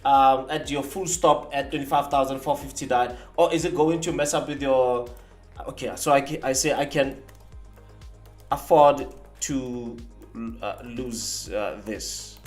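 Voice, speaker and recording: A man hosting a live trading stream, talking casually and boastfully while demonstrating software. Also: mid-range voice, normal speed, roomy sound, soft background music. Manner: animated, boastful, teasing rivals.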